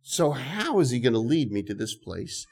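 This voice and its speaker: An older man preaching an earnest sermon, often repeating words and reading scripture slowly. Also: medium pitch, sing-song, gravelly, darkish tone, husky. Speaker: pastor.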